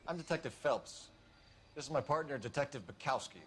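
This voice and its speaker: Man voicing a 1940s game detective, terse, methodical, animated, fast-talking. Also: mid-range voice, slight background noise, lightly acted. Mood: questioning. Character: calm, businesslike adult male police detective. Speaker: police detective in a crime game. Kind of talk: 1940s noir game dialogue.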